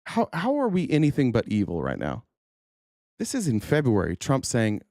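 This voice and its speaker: A man's voice: medium pitch, wildly swooping pitch, normal speed, darkish tone, no echo, clean studio sound. Angry, profane male political commentator. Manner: choked up at times. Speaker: podcast host.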